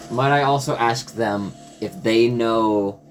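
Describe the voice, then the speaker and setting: Deadpan male player; dry, sardonic table talk. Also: mid-range voice, takes it slowly, over music. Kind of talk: casual play at a tabletop game.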